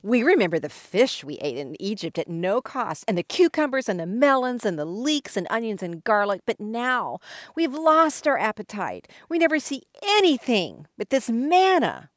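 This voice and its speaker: A woman's voice: fairly high pitch, sing-song, normal speed, no room sound, clean studio sound, voice pushed up. A woman reading a scripture passage aloud in a put-on whiny, complaining voice, as a desert wanderer fed up with the same food. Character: whining desert wanderer sick of manna.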